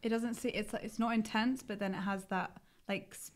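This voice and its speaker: A woman's voice: medium pitch, fairly even intonation, fairly quick. Chatty tipsy woman saying 'like' a lot. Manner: chatty, says 'like' often. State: tipsy from wine. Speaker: podcast co-host. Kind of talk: casual chat over wine.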